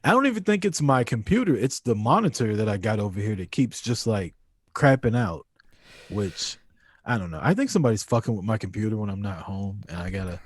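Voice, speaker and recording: Husky, joking man on a podcast. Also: lowish voice, lively intonation, brisk, no echo, clean studio sound. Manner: crude, joking, laughs often. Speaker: podcast co-host. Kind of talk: casual podcast banter. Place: home room.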